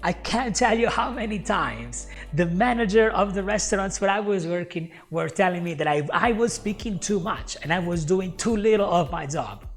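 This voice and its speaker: An English teacher who is not a native speaker, giving job tips to camera in an upbeat way and often calling the viewer "my friend". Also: male voice, sits high, expressive, moderate pace, hardly any pauses. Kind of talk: talking to camera, tips video. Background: faint music.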